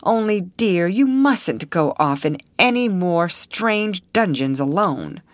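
A woman reading an audiobook voices an anxious, fond older sister who fusses in a high, excited way. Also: takes it slowly, no room sound. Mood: fussing.

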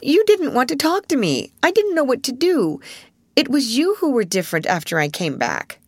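A woman's voice: high voice, big pitch swings, moderate pace, no echo, voice pushed up. Ermengarde, a woman voicing a tearful plump schoolgirl. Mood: pleading. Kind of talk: audiobook reading of a classic novel.

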